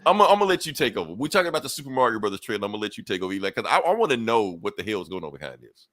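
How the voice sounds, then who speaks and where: Animated, profane male podcast co-host. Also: on the low side, racing, dry recording, clean studio sound. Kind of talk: casual chat.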